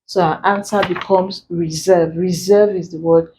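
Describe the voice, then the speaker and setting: A woman gives an exam-prep pronunciation lesson, taking her time and saying each example word more than once. Her voice sits fairly low, and her pace is unhurried. A faint hiss of noise runs under the recording. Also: fairly even intonation, mellow, poor audio. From Nigeria. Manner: slow, deliberate, repeats example words. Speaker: English tutor.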